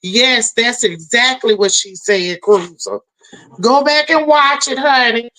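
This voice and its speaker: A woman's voice: a little high, takes it slowly, pushed and bright, poor audio. A woman hosting a livestream and telling her chat a story in a heated, profane rant, a little tipsy from drinking. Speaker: livestream host.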